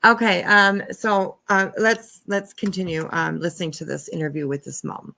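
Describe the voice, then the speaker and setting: Unhurried chatty woman livestreamer. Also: mid-range voice, gravelly. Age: 50s. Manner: chatty, thanks viewers warmly by name, laughs often. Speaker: livestream host. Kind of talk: casual live chat with viewers.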